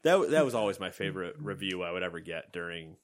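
A deep-voiced podcast co-host talks fast in casual chat, telling stories with animation, acting out quotes, and laughing often.

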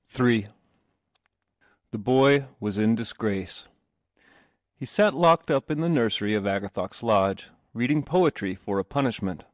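A man narrates a classic tale aloud, expressive and measured. His pitch moves widely, and the recording is close and dry with no room sound. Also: dry recording. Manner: expressive storytelling. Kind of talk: audiobook narration of a classic story.

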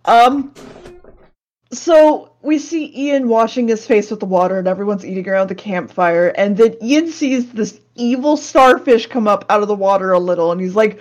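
A woman's voice: fairly high pitch, moderate pace, darkish tone. A woman co-hosting a podcast, recapping an old television episode in a casual, sarcastic way, swearing and laughing often.

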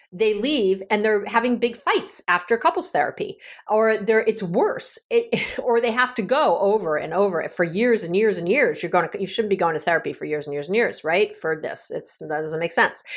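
A woman's voice: mid-range voice, expressive, moderate pace. A woman therapist hosting her podcast, talking casually and animatedly, with lots of fillers and tag questions.

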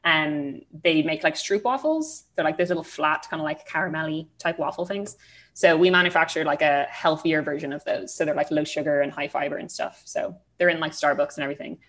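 A twenty-something woman from Ireland, guesting on a podcast, chats in a self-deprecating way with plenty of fillers. She speaks a little fast in a low, fairly bright voice.

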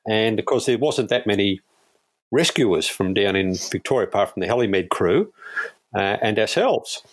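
An Australian man, a police air crewman, telling anecdotes in a relaxed, chuckling way and acting out the people he quotes. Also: on the low side, normal speed. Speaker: guest, police airwing crewman. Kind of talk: casual storytelling.

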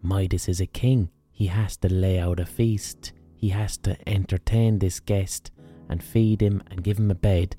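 An Irish-accented podcast host with a low, warm voice tells a story in an earthy, colloquial style. He leans on plenty of slang and swears freely.

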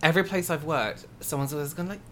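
Low bright English-born woman. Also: fast, slight background noise. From England. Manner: relaxed, acts out quoted dialogue. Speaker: podcast co-host. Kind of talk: casual podcast chat.

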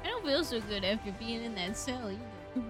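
A playful woman with a high, bright voice that bounces around as she chats at the game table. She giggles often. Faint music plays behind her. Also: lively intonation, a little fast. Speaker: tabletop player. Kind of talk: casual chat.

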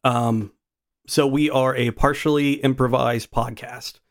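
A man's voice: medium pitch, steady tone, measured pace. A man co-hosting a podcast in casual chat, rambling and self-deprecating, with many restarts. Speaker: podcast co-host.

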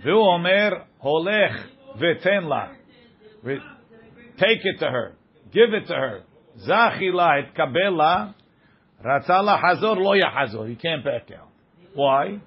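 A man's voice: on the high side, animated, unhurried, long pauses, breathy edge, lo-fi sound. A man teaching a daily page of Talmud, reading the passage aloud and explaining it line by line.

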